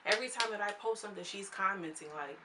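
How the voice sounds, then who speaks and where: A woman's voice: mid-range voice, fast, noisy background. A young woman recapping a reality show in a chatty, casual vlog, acting out what people said. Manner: chatty, animated, quotes people in voices. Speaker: reality TV reviewer.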